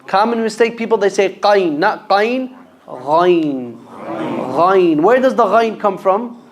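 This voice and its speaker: Slow, patient man drilling Arabic letters. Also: sits high. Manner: slow, clearly enunciated call-and-repeat drilling with correction. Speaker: Quran reading teacher. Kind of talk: classroom recitation drill. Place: mosque classroom. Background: class of students repeating.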